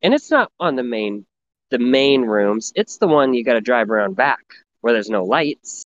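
A man's voice: mid-range voice, animated, normal speed. A young man in casual crude chat, telling stories and mocking himself. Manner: storytelling, self-mocking. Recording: dull lo-fi sound, faint noise.

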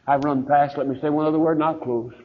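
A pastor with a Southern US accent, telling a story in a sermon and acting out the voices of the people in it, heard on a dull lo-fi recording. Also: male voice, fairly high pitch, steady tone, quick pace, slight background noise. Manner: folksy preacher, acts out quoted voices.

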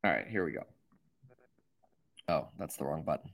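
A man's voice: rumbling low, lively intonation, moderate pace, creaky. A man hosting a livestream, rambling and self-mocking with lots of fillers. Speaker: host. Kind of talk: livestream commentary.

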